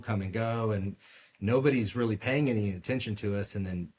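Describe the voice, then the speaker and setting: A man with a fairly low voice tells his story as an interview guest, earnest and detailed. He pauses on fillers and restarts his sentences as he recalls each moment. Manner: earnest, recounting events in detail with frequent fillers. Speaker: podcast guest, medical device sales rep.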